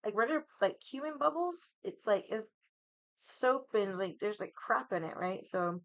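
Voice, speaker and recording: Woman streamer, chatty and profane, rambling delivery, dry close sound, mid pitch. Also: expressive, moderate pace, a bit bright, no room sound. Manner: profane, rambling, heavy use of "like". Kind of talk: casual storytelling chat.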